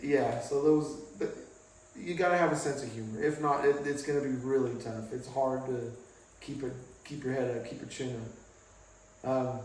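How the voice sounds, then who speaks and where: A man from England, telling a candid personal story to the camera in a casual, halting way, recorded in his home garage. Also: medium pitch, fairly even intonation, a little mellow. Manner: halting, casual, with pauses and restarts. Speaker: vlogger. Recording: very echoey garage, mic far off.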